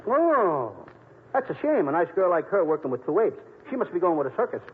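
Boyish wisecracking comic man, 1940s radio, high and lively; lo-fi echoey airwaves. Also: fairly quick. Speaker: comedian. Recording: tinny, hissy 1940s radio broadcast.

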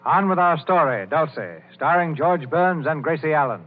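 A man narrating a 1930s radio drama in a measured, formal style. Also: a little high, expressive. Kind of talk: scripted narration. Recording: tinny old radio broadcast over music.

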